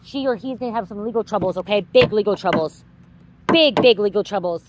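A woman's voice: mid-range voice, brisk, noisy background. A woman giving a psychic reading straight to her viewers, emphatic and repetitive, swearing freely and getting worked up as she goes. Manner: gets worked up and heated. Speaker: psychic card reader.

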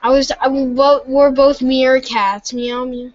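A man's voice: very high voice, steady tone, unhurried. A young man streaming a game with a friend, silly and playful, making repeated meowing noises. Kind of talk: casual gameplay chat. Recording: dull lo-fi stream audio.

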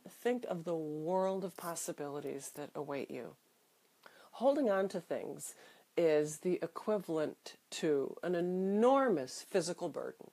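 Nasal, congested woman giving gentle advice. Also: lowish voice, lively intonation. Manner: soft, encouraging, unhurried, with pauses and restarts. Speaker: host of a self-help video show. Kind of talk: gentle motivational talk to camera.

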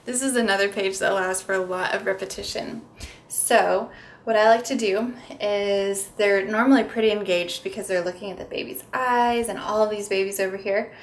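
A woman's voice: mid-range voice, steady tone, normal speed. A young woman speech therapist explaining how to read picture books with toddlers, slipping into sing-song, exaggerated sounds for children. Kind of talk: instructional demonstration.

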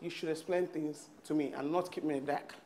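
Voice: medium pitch, steady tone, fairly quick, mellow, reverberant, close to an everyday voice. An actor in a film drama, indignantly confronting a family member.

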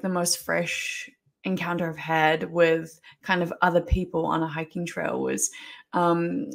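A woman's voice: lowish voice, gravelly. A woman from New Zealand with a Kiwi accent, chatting as a podcast guest, laughing often and trailing off into fillers. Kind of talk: casual chat.

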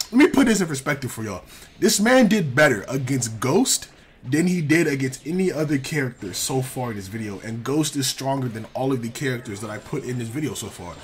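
A young man giving casual gameplay commentary, animated and exasperated, full of slang and repeated phrases. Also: on the high side, husky. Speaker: gaming commentator.

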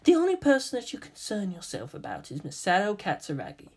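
Reader doing a calm menacing half-angel teen boy, cold, quiet, hushed and threatening, lively pitch, fan-fiction reading. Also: fairly quick, husky, heavily acted. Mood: quiet menace.

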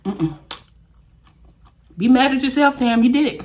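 Animated woman vlogger, lively swooping voice. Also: high-pitched, measured pace, pauses often, slight background noise. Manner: animated, exclaiming and chanting to the wheel. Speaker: food challenge vlogger. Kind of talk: casual talk to camera while eating.

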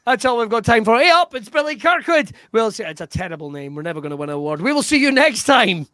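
A man's voice: high voice, very animated, fast, fairly bright tone, no room sound. A man improvising as a panel-show host, introducing guests with mock amazement. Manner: mock-incredulous, announcer-like.

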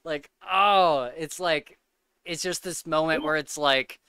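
A man hosts a casual podcast chat, gushing and enthusiastic, with lots of likes and ums. His voice is higher, bright and crisp, and it sits dry and close to the mic. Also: slow pace, no echo. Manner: enthusiastic, gushing, filler-heavy. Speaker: podcast host.

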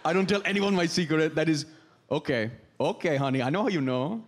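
A man's voice: mid-range voice, slow pace, slight background noise. A man on a comedy stage doing an impression of a bubbly foreign woman coworker in broken English with a made-up, unplaceable accent. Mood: flustered. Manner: gushing, filler-heavy, excitable. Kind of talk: stand-up impression.

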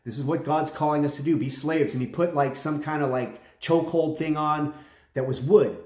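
A man's voice: on the high side, fairly even intonation, moderate pace, a little mellow, reverberant. A man preaching an informal sermon in a casual, slangy way, often restarting his sentences.

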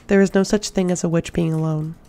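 A sly, mocking immortal witch, as a woman reader puts her on, speaking low and level with a dark, gravelly texture. Her taunts come slow and quiet, with a predatory calm. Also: close to an everyday voice. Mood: probing. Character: menacing immortal witch woman with iron teeth.

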